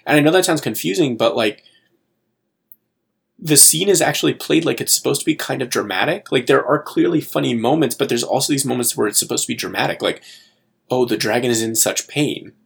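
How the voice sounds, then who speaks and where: Gravelly, deadpan man reviewing movies. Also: medium pitch, a little fast. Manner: wry, deadpan, exasperated. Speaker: podcast co-host. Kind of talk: casual movie review chat.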